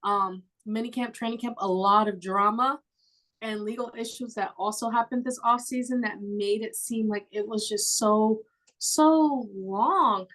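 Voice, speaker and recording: A woman's voice: on the high side, measured pace, fairly bright tone, low-quality recording. Chatty woman co-hosting a sports podcast. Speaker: podcast co-host. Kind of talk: casual sports podcast chat.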